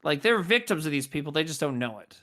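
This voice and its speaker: A man's voice: a little high, sing-song, fast talker, fairly bright tone. A man co-hosting a podcast, chatting loosely about a film in a rambling, profane, meandering way. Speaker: podcast co-host. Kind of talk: casual movie-review chat.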